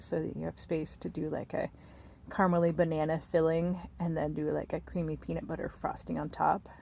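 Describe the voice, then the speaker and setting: A woman in her thirties chatting casually while lying in bed, rambling softly with many fillers and sometimes dropping to a whisper. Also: sits low, creaky, a little hiss or hum. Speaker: vlogger. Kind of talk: casual chat to camera.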